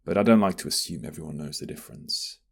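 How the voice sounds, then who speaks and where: Man doing a flirty barista, whispered role-play, teasing, very deep, husky. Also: fast talker, full character voice. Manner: flirty, teasing, soft-spoken. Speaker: ASMR roleplay voice actor.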